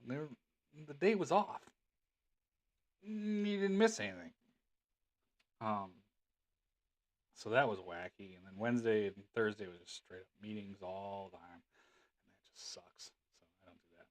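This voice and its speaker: A man's voice: lowish voice, lively intonation, moderate pace, pauses often. A man hosting a livestream, rambling casually with lots of fillers and laughter as he tells stories. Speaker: livestream host.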